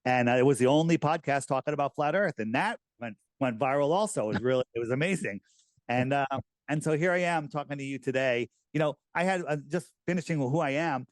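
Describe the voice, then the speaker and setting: A middle-aged American man talking casually in an interview, animated and rambling, with many restarts. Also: on the high side, fast, no echo. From United States. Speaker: podcast host, guest.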